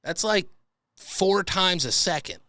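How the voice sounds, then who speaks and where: A man's voice: high-pitched, expressive, slow pace, pushed and bright, no room sound. A young adult man hosting a podcast, telling comic stories in a profane, exasperated rant. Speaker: podcast host. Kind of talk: comedic storytelling monologue.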